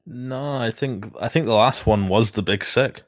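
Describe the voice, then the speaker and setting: A man's voice: mid-range voice, moderate pace, dry recording, studio quality. A man in a casual podcast chat, blunt and jokey, swearing now and then. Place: lives in Scotland.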